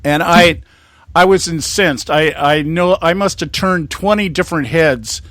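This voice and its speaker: A man's voice: fairly high pitch, unhurried, a bit bright, no room sound. A man in his sixties from California, hosting a talk show in a rambling, indignant monologue with many restarts. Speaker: host.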